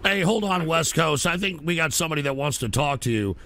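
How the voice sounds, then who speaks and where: A man's voice: fairly high pitch, animated, a little fast. A man hosting a call-in show, swearing and sounding exasperated as he takes callers. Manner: exasperated, swears, shouts when upset. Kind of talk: crude call-in show banter.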